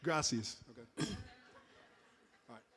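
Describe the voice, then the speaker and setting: A man with a fairly high voice keeps a live event crowd going with teasing jokes. He talks into a handheld mic, loose and playful, and laughs between lines. He sounds like an emcee handing out awards. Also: fairly quick, a bit bright. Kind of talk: joking live event banter. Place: live graduation event hall. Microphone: handheld wireless mic.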